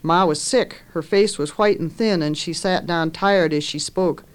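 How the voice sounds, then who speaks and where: A woman author reading a story aloud in a measured, expressive way, lifting her voice for the characters' lines. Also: on the low side, smooth.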